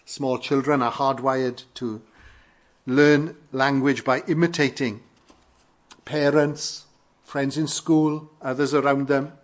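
A man from Wales with a Welsh accent, preaching an earnest sermon with emphatic rises and quiet falls. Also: medium pitch, level tone, takes it slowly. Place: church in London.

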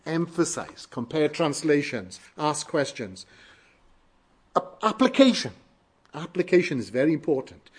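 A man's voice: on the high side, big pitch swings, measured pace, breathy edge. A male preacher giving a sermon, emphatic, repeating phrases with shifting stress.

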